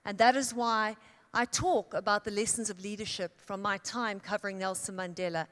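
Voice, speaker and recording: A woman born in Italy giving a keynote speech as a dramatic storyteller, building her tale with emphatic pauses and swells. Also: medium pitch, steady tone, a bit bright. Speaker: keynote speaker. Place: large conference hall. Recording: long hall reverb.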